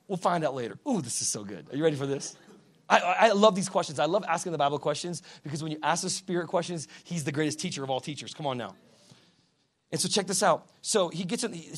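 A man preaching a fervent sermon, swinging from low, quiet lines to shouted peaks and calling out to the congregation. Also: breathy edge. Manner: calls out "come on now" to the congregation.

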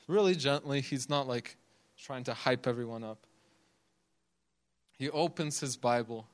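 A man's voice: medium pitch, smooth. A young man preaching a sermon in a conversational way, laughing often and acting out the people in his stories. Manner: conversational, laughs often, acts out quotes in the story.

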